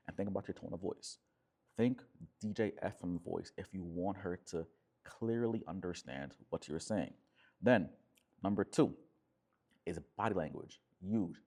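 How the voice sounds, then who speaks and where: A man's voice: lowish voice, dark tone. A man coaching listeners on relationships, talking emphatically and checking in with a frequent "right?". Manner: emphatic, repeats "right?" often, acts out quoted voices. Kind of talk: direct-to-camera coaching talk.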